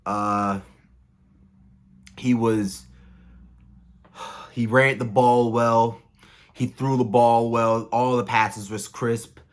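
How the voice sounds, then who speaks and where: Excited young man, lowish voice. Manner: excited, repetitive, emphatic. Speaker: sports fan channel host. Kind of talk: emotional postgame reaction rant.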